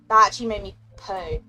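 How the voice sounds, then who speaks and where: During a live stream of a game, a young woman talks to her viewers in a casual, emotional way, frequently giggling and offering thanks. Her medium-pitched voice sounds pushed and bright.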